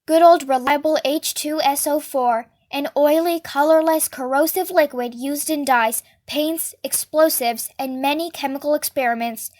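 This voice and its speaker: Fierce bold little boy genius, a lady reading him out, high voice. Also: normal speed, hardly any pauses, a little mellow, close to an everyday voice. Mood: bold, threatening. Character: small clever boy hero, fierce and bold.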